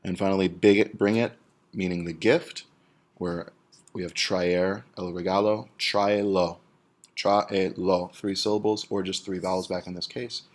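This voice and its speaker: A man, a Spanish teacher, explaining a grammar lesson step by step and slowing down on the example words. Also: low voice, fairly even intonation.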